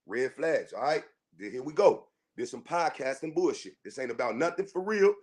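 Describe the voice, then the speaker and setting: A man's voice: on the high side, lively intonation, brisk, darkish tone. A man hosting a podcast, delivering a heated, profane monologue straight at his listeners, confrontational and full of repetition. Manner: profane, confrontational, repeats himself. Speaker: podcast host.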